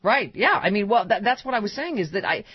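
A woman hosting a political talk radio show, bantering fast with lots of restarts and laughs. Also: mid-range voice, very animated, slightly rough, dry recording, lo-fi sound. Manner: quick, laughing, restarts a lot.

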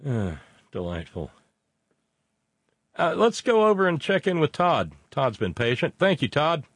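Husky, animated male radio host. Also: a little high, a little slow, dry recording, studio quality. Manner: animated, blunt and jokey. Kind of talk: casual live radio talk. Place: radio studio.

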